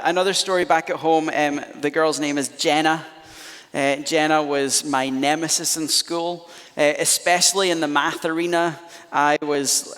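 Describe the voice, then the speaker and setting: A Scottish man preaching as a pastor, telling stories in an animated, self-deprecating way in a church auditorium. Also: on the high side. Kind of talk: storytelling sermon. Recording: reverberant church hall.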